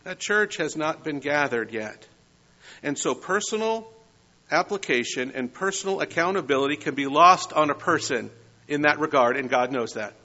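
Bright-voiced preacher, lo-fi recording. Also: male voice, on the high side, animated. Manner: measured preaching, rising emphasis on key words. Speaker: pastor. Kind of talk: sermon. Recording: lo-fi, dull sound.

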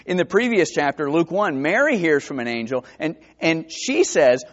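A man from New Jersey with a New Jersey accent, preaching a sermon that swings from hushed to emphatic. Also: on the high side, huge pitch swings, moderate pace, hardly any pauses. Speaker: pastor. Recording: dull lo-fi sermon recording.

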